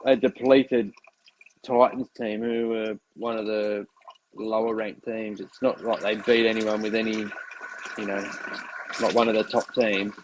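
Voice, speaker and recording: A man's voice: fairly low pitch, little pitch movement, measured pace, slight background noise, rough recording. A man with an Australian accent, a podcast guest talking in a laid-back, rambling way on his phone. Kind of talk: casual chat.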